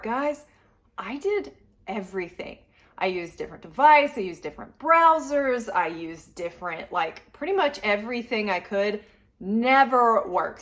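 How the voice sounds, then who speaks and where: Annoyed lady venting on her vlog, rambly and quick with asides. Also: mid-range voice, fairly bright tone. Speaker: collector vlogger. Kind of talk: casual venting rant.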